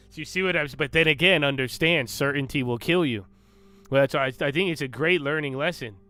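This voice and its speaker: A man's voice: a little high, expressive, moderate pace, pauses often, pushed and bright, no room sound, faint music behind. A young man hosting a live trading stream, bragging and bantering with his chat in a loose, cocky way. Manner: boastful, banters with chat, swears. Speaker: livestream host. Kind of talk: casual livestream chat.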